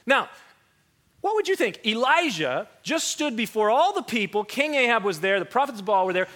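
Animated high-voiced male preacher. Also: moderate pace. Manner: animated, swings between loud rhetorical questions and quiet scripture reading; mock-mopey voice when quoting a complaining prophet. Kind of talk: sermon.

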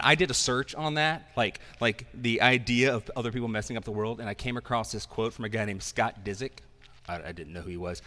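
A man's voice: mid-range voice, sharp tone, in a large hall. A man preaching a sermon as pastor, talking in a conversational way with self-deprecating asides.

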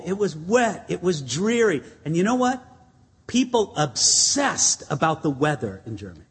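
Male pastor, high husky voice, chatty preaching style, reverberant sanctuary. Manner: animated, conversational, asks the congregation questions. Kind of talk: sermon. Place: church sanctuary. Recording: long reverb of a church hall.

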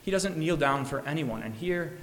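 Guy preaching a sermon, bright voice a bit high, long church echo. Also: expressive, moderate pace, slight background noise. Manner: earnest, with rising emphatic peaks and soft low endings. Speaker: pastor.

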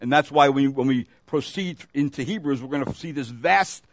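A man's voice: medium pitch, normal speed, no echo. A man preaching a sermon as pastor, reading scripture aloud and asking the congregation questions as he goes. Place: church.

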